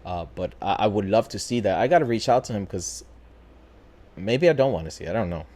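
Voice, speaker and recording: A man casually telling a spooky personal story as a podcast host, talking in a lively, profane way. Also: fairly low pitch, fairly quick. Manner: animated, profane, acts out voices in his story.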